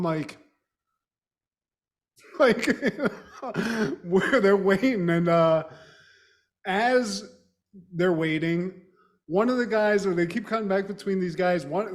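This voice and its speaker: Brief: high-pitched man, podcast co-host, loose and profane recap, laughs often. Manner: animated, laughing storyteller, swears a lot. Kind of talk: casual profane chat.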